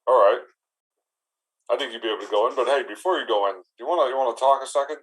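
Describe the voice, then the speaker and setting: A man voicing a laid-back, lonely male orc who works as a bouncer, talking in a slow, deadpan, rambling way. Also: mid-range voice, natural voice, rough recording.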